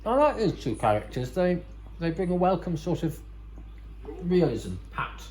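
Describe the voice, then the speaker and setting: A man's voice: sits high, sing-song, measured pace, a little mellow, slight background noise, rough recording. Chatty rambling man. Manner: rambling, chatty, self-correcting, wry asides. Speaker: podcast host. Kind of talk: casual commentary over a TV episode.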